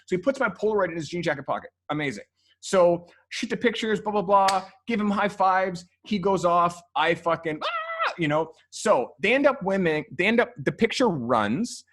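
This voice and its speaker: A man telling stories about his photography work in a casual, animated way, swearing freely and acting out what people said. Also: high voice, moderate pace. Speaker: photographer guest. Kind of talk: casual storytelling. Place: podcast studio.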